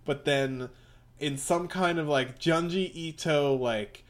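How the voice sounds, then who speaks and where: A man's voice: a little high, slow. A man reading through a comic aloud in casual, bemused chat. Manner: bemused, rambling.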